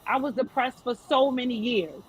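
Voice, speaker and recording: A woman's voice: a little high, animated, normal speed, breathy edge, low-quality recording. A woman in her thirties speaking as a panel guest, giving earnest, emphatic advice to parents. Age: 30s. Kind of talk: panel discussion.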